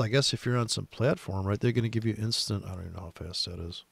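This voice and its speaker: Gravelly man telling rambling stories. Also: lowish voice, quick pace, hardly any pauses, no room sound. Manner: rambling, profane storytelling with frequent restarts. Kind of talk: casual chat.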